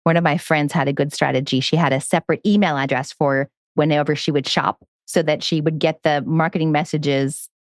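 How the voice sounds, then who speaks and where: A woman hosting a podcast, sharing thoughts and asking thoughtful follow-up questions in a relaxed conversation. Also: deep voice, brisk, few pauses, no room sound, studio quality. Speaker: podcast host.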